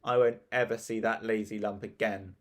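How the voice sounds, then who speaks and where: A man's voice: fairly low pitch, steady tone, moderate pace, natural voice. A man voicing a bossy, scheming young girl who talks scornfully.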